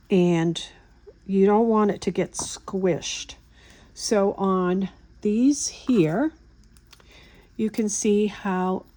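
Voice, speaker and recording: A woman hosting a craft tutorial, calmly explaining each step in a relaxed, chatty way as she works. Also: mid-range voice. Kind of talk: hands-on craft demonstration.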